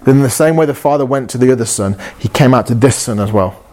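A man's voice: medium pitch, quick pace, mellow. A man delivering a sermon, earnest and insistent. He leans on repetition, circling back to the same phrase to drive a point home, and throws rhetorical questions at his listeners. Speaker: pastor.

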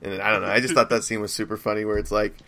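A young man co-hosting a casual podcast, an excitable storyteller who acts out scenes. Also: lowish voice, racing, vocal fry. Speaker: podcast co-host.

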